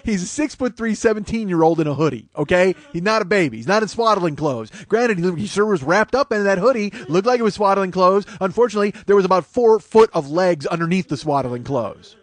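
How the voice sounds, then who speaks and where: A man in his forties hosting a comedy podcast, ranting with heavy profanity and loud outbursts. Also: high-pitched, animated, brisk, hardly any pauses, dry recording. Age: 40s.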